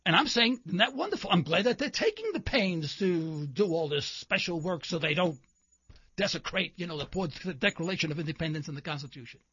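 A man's voice: high-pitched, lively intonation, fairly quick, sharp tone, slightly rough, no echo, lo-fi sound. A man hosting a talk show, delivering an impassioned political commentary monologue full of rhetorical questions and indignant emphasis.

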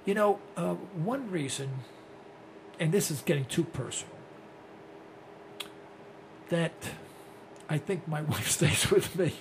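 A man's voice: on the high side, takes it slowly, creaky, long pauses, a little hiss or hum. A man in his sixties hosting a rambling, blunt talk radio monologue. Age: 60s. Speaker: host.

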